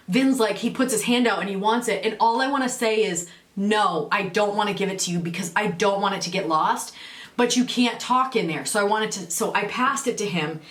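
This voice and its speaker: A woman co-hosting a casual chat, telling a story with animation and acting out her own quoted lines. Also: fairly high pitch. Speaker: co-host. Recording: echoey room.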